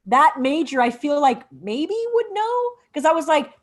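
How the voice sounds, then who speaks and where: A woman co-hosting a relaxed film podcast, talking with lots of energy and slipping into characters' lines as she retells scenes. Her voice sits on the higher side and jumps around in pitch a great deal. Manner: animated, acts out characters' lines in quick bursts. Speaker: podcast co-host. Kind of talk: casual film discussion over drinks.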